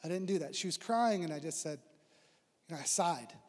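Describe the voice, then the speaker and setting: A man preaching a sermon, earnest, swinging from emphatic and loud to soft and low. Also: animated, a little fast, long reverb tail. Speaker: pastor.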